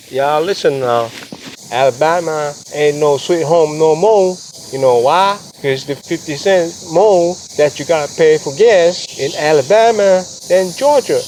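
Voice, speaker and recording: A man doing a folksy Southern fellow with a put-on drawl, pitched up and playful. Insects and crickets buzz clearly behind him outdoors. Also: a little mellow, poor audio. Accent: put-on American Southern. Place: outdoor campground. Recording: outdoor camera audio with insect noise.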